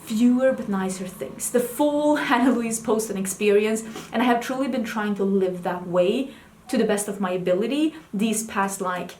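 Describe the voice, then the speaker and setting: A woman's voice: moderate pace, darkish tone, echoey room, slight background noise. A woman beauty vlogger talking casually and candidly about new makeup releases. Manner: chatty, candid, talks to her cat in a high baby voice. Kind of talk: casual chat.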